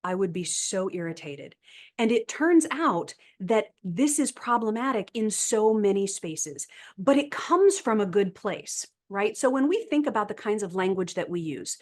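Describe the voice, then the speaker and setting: A woman psychologist giving a webinar lecture, explaining steadily and often checking in with "right?". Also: medium pitch.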